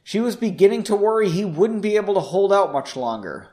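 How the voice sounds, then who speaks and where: A man's voice: high voice, very animated, fairly quick, dark tone. A man hosting a podcast, reading a novel aloud with chatty, self-deprecating asides. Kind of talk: casual story reading with asides.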